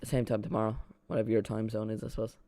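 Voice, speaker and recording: A man's voice: on the low side, little pitch movement, fast, creaky, warm tone, no echo. A young Irish man chatting casually while streaming a football watchalong from home, rambling with frequent restarts. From Ireland. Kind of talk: casual live commentary.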